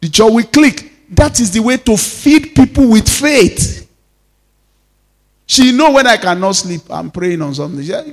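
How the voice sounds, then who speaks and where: A man's voice: high voice, expressive, a little slow. Preaching man, pastor. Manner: preaching, swinging from loud exhortation to soft intimate asides. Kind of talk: sermon.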